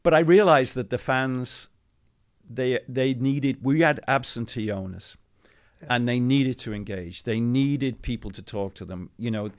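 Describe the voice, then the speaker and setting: A middle-aged man, a guest in an interview, telling anecdotes in a chatty, animated way with many asides. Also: medium pitch, unhurried. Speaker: interview guest, former football club CEO. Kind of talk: conversational storytelling.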